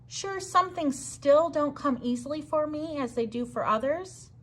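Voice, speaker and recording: A woman with a fairly high voice reads a children's picture book aloud. Her tone is breathy and slightly husky. She tells the story gently and earnestly. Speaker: storybook reader.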